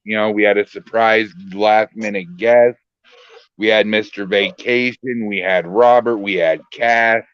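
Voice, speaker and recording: A man's voice: lowish voice, fairly even intonation, measured pace, fairly bright tone, clean tone, dry recording, dull audio. A man hosting a paranormal podcast, joking loosely as he wraps up the show. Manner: loose, joking sign-offs. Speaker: podcast host. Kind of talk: casual podcast chat.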